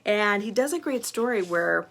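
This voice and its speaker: A woman's voice: mid-range voice, expressive, normal speed, gravelly, a bit bright. Upbeat woman vlogging about self growth, chatty, lots of ums. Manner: chatty, upbeat, many fillers. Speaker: small business owner sharing self-development. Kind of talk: casual talk to camera.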